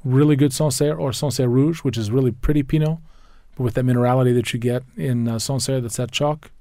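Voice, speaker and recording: A man's voice: medium pitch, fairly even intonation, fast, warm tone, no room sound. A man talking food and wine pairings in a casual chat, enthusiastic and rambling, often restarting his sentences and spelling out wine names. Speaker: wine expert guest.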